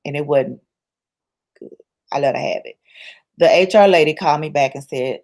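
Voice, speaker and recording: With a low, darkish voice at a moderate pace broken by long pauses, a woman tells a personal story as an interview guest. Her telling is colloquial and church-rooted, emphatic and repetitive as the points accumulate.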